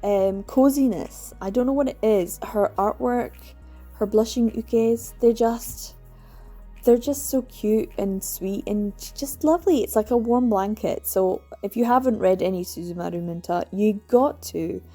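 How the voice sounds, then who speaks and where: Chatty Scottish woman with a mellow voice. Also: medium pitch, a little slow, faint music behind. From Scotland. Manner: chatty and enthusiastic, laughs often. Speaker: book vlogger. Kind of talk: casual book wrap-up chat.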